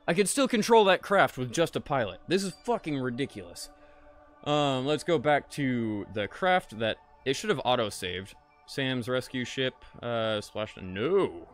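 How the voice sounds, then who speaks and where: Frustrated young man streaming a game. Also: mid-range voice. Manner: frustrated, swearing, muttering to himself. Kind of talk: casual live-stream commentary.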